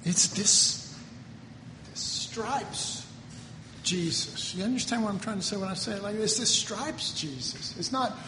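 A pastor with a fairly high voice for a man, preaching in a folksy, earnest storytelling manner that swells into emphatic preaching. His words ring through a large church hall with a long reverb tail, and faint room ambience sits underneath. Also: measured pace, bright, forceful tone, slight background noise. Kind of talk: conversational sermon with personal stories.

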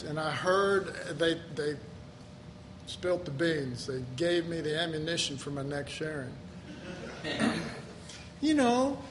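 High-voiced preacher, animated and laughing. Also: male voice, slow, long pauses, a little hiss or hum. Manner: animated, acts out quoted voices with sudden high exclamations; chuckles often while talking. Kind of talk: sermon.

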